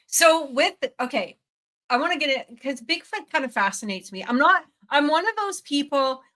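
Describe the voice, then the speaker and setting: A woman hosting an interview in a chatty, giggly way over a video call, her voice hoarse from a recent cold. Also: high voice, lively intonation, normal speed, sharp tone. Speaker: podcast host. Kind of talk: casual interview chat.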